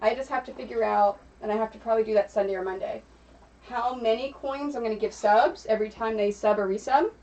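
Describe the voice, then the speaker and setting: A woman's voice: on the high side, fast talker, a little mellow. An American woman hosting a casual crafting livestream, chatting and explaining viewer rewards. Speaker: streamer host. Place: home craft room. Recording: distant, dull lo-fi stream mic with faint noise.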